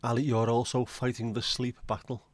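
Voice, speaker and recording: A man's voice: medium pitch, little pitch movement, normal speed, no room sound. A man hosting a casual livestream, chatting to viewers with crude, self-mocking jokes. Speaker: livestream host.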